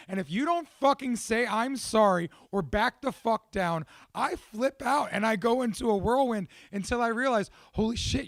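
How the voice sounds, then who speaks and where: High gravelly man, profane and animated. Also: no room sound, clean studio sound. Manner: profane, animated, self-mocking. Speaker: podcast host. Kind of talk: casual monologue.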